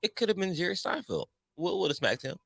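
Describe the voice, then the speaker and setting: A man's voice: high-pitched, sing-song, quick pace, vocal fry, fairly bright tone, no room sound. A man from Fort Wayne, Indiana, co-hosting a casual podcast, talking in a playful, teasing way. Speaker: podcast co-host. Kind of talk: casual chat. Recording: dry close mic with headphones.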